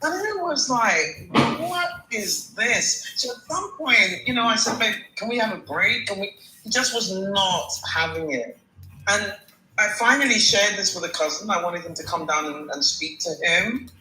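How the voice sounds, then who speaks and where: A woman in her forties on a live call, recounting a painful personal story in a halting way, repeating and restarting words. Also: medium pitch, expressive, bright, forceful tone, reverberant, slight background noise, poor audio. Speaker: caller sharing her story.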